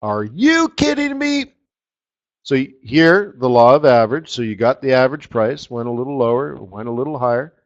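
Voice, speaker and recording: Guy running a live trading webinar, excitable and slangy, kinda dull lo-fi audio. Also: medium pitch, brisk, few pauses. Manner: excitable, slangy, talks to viewers. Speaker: forex trading webinar host.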